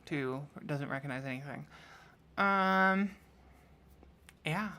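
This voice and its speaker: A woman runs a tabletop game in a low voice. She narrates and calls for rolls with plenty of pauses and fillers. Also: bright, forceful tone. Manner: hesitant, many fillers. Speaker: game master.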